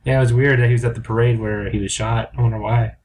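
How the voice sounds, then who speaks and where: A man's voice: mid-range voice, fairly even intonation, fast talker, darkish tone, slight background noise. A man co-hosting a comedy podcast in casual chat, rambling, crude and self-mocking. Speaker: podcast co-host.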